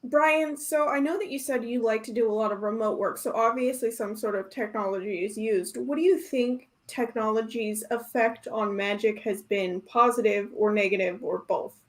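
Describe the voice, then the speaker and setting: A woman co-hosting a podcast and asking the guest measured, curious questions. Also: on the high side. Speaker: podcast co-host.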